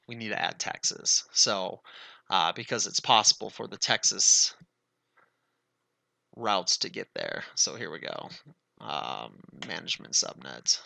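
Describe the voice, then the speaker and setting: A man with a gravelly, crisp, forceful voice walks through a networking tutorial in a casual, chatty way. He thinks aloud and talks straight to his viewers, and the recording sounds dry and close. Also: lowish voice, no room sound.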